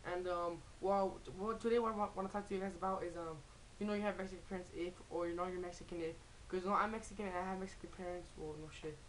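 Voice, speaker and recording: A woman's voice: on the low side, steady tone, fast talker, a little hiss or hum, poor audio. A young woman in a casual comedy vlog, rambling and swearing with many restarts. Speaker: vlogger.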